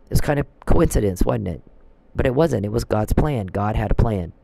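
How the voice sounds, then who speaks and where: A man's voice: lowish voice, animated, a little fast, gravelly, warm tone, no echo, rough recording. A man delivering a preachy, emphatic religious monologue and quoting scripture.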